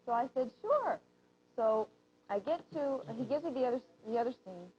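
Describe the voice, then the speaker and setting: A woman's voice: a little high, fairly quick, warm tone, slight background noise. A woman co-hosting a shopping channel, chatting casually on air and telling a story while acting out the lines people said. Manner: chatty storyteller who acts out quoted lines. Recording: dull lo-fi TV broadcast audio.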